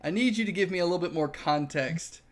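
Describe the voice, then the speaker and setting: Male podcast host, casual and enthusiastic, fairly high voice. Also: fast. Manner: enthusiastic, laughs often. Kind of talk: casual interview.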